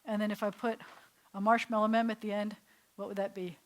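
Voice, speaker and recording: A woman's voice: mid-range voice, level tone, brisk. Woman, rabbi, classroom teaching, chatty, asks questions. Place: classroom with a small group seated.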